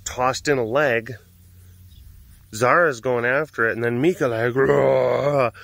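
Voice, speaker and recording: A man hosting a casual vlog outdoors at a big cat sanctuary, telling stories in a relaxed way with laughs and cooing softly to the animals. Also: mid-range voice, measured pace, dry recording.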